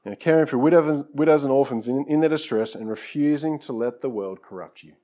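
A man's voice: medium pitch, brisk, dark tone. Conversational male pastor preaching. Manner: conversational, repeats words, frequent "you know" and "Lord God". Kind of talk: sermon with closing prayer.

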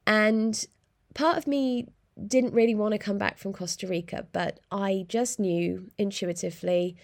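A young woman hosting a solo podcast, chatting in an animated way and laughing often, talking from a small room. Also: mid-range voice, measured pace, dry recording, studio quality. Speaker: podcast host. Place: small room in hospital accommodation.

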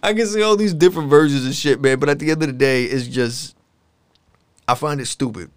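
A man hosting a solo podcast, ranting in a casual, profane, animated way and mocking people with put-on voices. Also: mid-range voice, a little fast, clear, resonant tone, no room sound. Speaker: podcast host.

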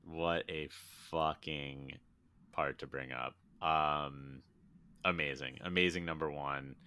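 Very deep bright-voiced man, casual chat. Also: takes it slowly, clear, resonant tone. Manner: animated retelling, acts out movie lines, swears freely. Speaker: podcast co-host.

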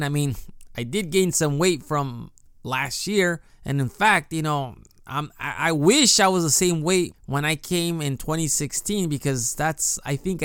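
A man's voice: a little high, fairly bright tone, clear, resonant tone, no echo, studio quality. A man hosting a casual solo podcast, telling a story in a chatty way with restarts and "you know" fillers. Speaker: podcast host. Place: lives in Japan.

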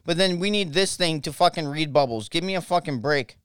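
A man's voice: a little high, brisk, fairly bright tone, smooth, dry recording, studio quality. Profane, ranting American man. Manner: angry, profane, repeats himself. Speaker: podcast host. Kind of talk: ranting political podcast monologue.

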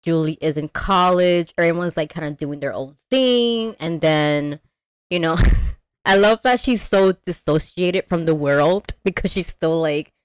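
A woman hosting a podcast, giving a casual, animated movie recap, swearing freely and acting out the characters. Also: on the low side, a little slow, clean tone, no room sound. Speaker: podcast host. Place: remote call.

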